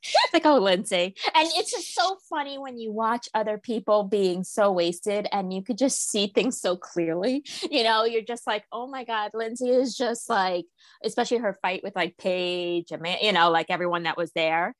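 A woman's voice: medium pitch, normal speed, dry recording. A woman co-hosting a casual podcast, chatting about reality TV, laughing often and acting out quotes. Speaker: podcast co-host. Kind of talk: casual reality TV recap chat.

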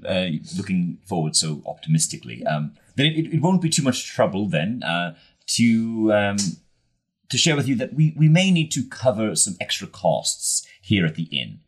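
A man playing a tabletop role-playing game, halting and full of hesitant fillers. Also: on the low side, very animated, breathy edge. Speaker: player.

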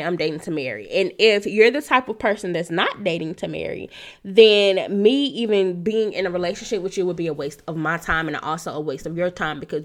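Bright, chatty stuffed-up young woman. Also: on the low side. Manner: chatty, laughs often, says "you know" a lot. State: stuffed-up nose. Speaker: podcast host giving dating advice. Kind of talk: casual solo talk.

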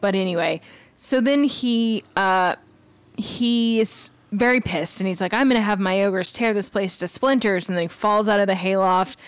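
A woman co-host retells a cartoon episode in a relaxed, chatty way, briefly quoting the characters and laughing often. Her voice sits at an ordinary pitch for a woman. The recording is close and dry, with no room sound. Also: clean tone, dry recording. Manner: brisk storytelling, slipping briefly into characters' lines, laughs often. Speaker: podcast co-host. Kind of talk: casual chat recapping a cartoon episode.

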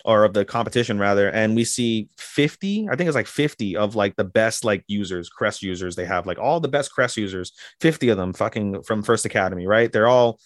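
Man, podcast host, casual anime recap, profane, rambling, fairly low voice, dry sound. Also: brisk, few pauses, dry recording. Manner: rambling, profane, with lots of fillers and restarts.

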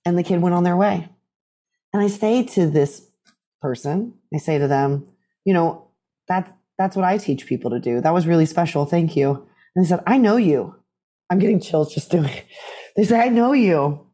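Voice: mid-range voice, normal speed. A guest in a casual interview, telling stories animatedly and acting out the voices of others. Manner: animated storyteller who acts out quoted voices.

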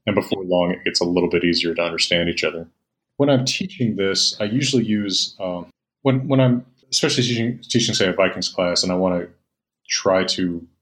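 A man's voice: deep voice, a little fast, fairly bright tone. A middle-aged man, a scholar and interview guest, explaining at length in a patient lecturing way with frequent ums. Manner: lecturing, patient, with many fillers. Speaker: Old Norse scholar, guest.

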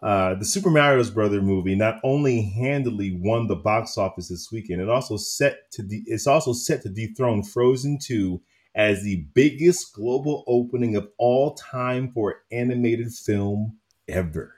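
A man hosting a podcast in casual chat, animated and opinionated, laughing often. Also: lowish voice, moderate pace. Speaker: podcast host.

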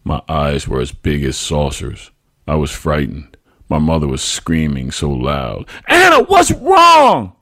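A man's voice: very deep voice, fairly even intonation, a little slow, gravelly, no room sound, clean studio sound. A man narrating a family memoir as a podcast host, telling it dramatically and acting out the quoted lines. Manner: dramatic storytelling, voices quoted speech loudly. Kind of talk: memoir reading.

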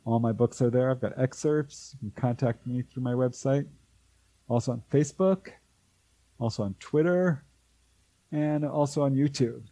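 As an interview guest, this author and UFO researcher tells a long story, lively in manner and imitating the voices of the people he describes. He's a man with a medium-pitched voice at normal speed, recorded without echo but in poor audio.

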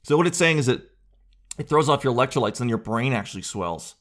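A man's voice: mid-range voice, expressive, quick pace, a bit bright. A man hosting a solo podcast, rambling through jokey riffs with crude asides and self-mocking tangents. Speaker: podcast host. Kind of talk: solo comedic podcast chat.

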